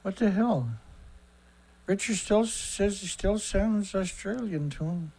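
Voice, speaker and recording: A man's voice: high-pitched, slow pace, creaky, warm tone. A middle-aged man hosting a daily news livestream, talking in a casual, rambling way that is blunt, sarcastic and profane. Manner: rambling with frequent fillers and asides.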